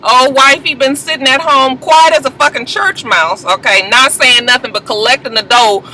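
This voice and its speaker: A woman giving a casual, gossipy TV episode recap, animated and sassy, laughing often and swearing freely. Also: sits high, normal speed, a little hiss or hum, low-quality recording. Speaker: TV show reviewer.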